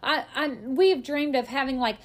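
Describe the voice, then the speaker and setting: High-voiced woman telling an animated story. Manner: lively, quick to act out other people's lines. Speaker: podcast guest. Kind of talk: storytelling in casual chat.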